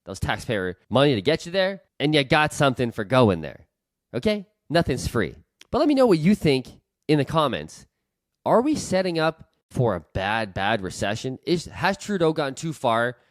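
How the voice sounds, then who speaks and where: Man, vlog host, blunt ranting commentary, lively pitch, dry close sound. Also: moderate pace, dry recording. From Canada. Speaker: real estate investor and channel host.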